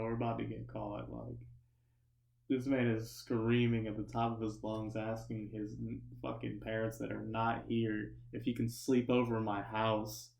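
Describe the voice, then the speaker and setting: A man's voice: on the low side, vocal fry, echoey room. A young man telling a profane, rambling story with many restarts and asides. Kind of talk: casual storytelling.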